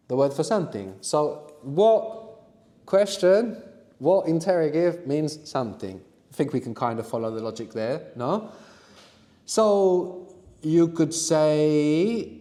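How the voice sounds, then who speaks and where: A man's voice: a little high, dark tone, long reverb tail. A man teaching a live language workshop, coaxing students with questions and asking them to think aloud. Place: classroom with students.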